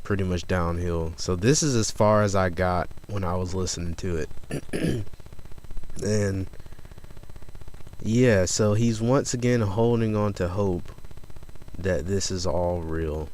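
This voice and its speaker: A man's voice: low-pitched, slow pace, pauses often, darkish tone. A man casually commenting on a recorded phone call, mocking and incredulous, swearing as he talks.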